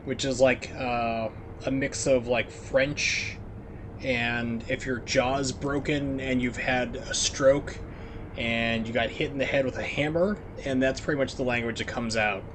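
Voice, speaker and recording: Male streamer, American, casual rambling commentary, average pitch. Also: background noise. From United States. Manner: rambling, filler-heavy chat with put-on voices. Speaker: game streamer.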